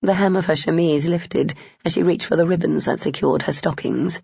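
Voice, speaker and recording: A woman reading a romance novel aloud as an audiobook narrator, steady and even. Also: deep voice, normal speed, creaky, slightly rough, no room sound. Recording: dull, dry, lo-fi.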